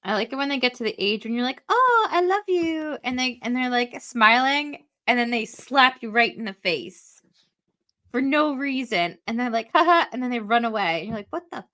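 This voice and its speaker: A woman co-hosting a podcast, chatting casually and telling animated stories with frequent laughter. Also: fairly high pitch, moderate pace. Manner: animated storyteller, laughs often. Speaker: podcast co-host. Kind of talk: casual chat.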